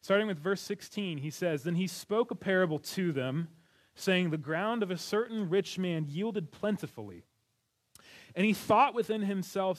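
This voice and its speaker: A man's voice: high voice, expressive, moderate pace. A man preaching a sermon as a pastor, talking to his congregation in an earnest, conversational way. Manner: conversational, earnest, with restarts and light laughs.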